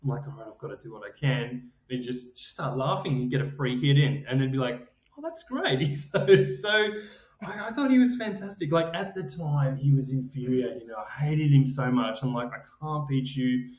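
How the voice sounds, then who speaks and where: A man's voice: mid-range voice, moderate pace. A man with an Australian accent, co-hosting a podcast in casual chat and animatedly telling stories, acting out quotes and laughing often. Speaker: podcast co-host. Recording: roomy, slightly dull podcast audio.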